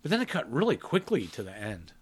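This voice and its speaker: A middle-aged man co-hosting a casual film chat, chatty and quick to laugh, acting out movie lines as he recaps. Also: medium pitch, wildly swooping pitch, husky. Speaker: podcast co-host.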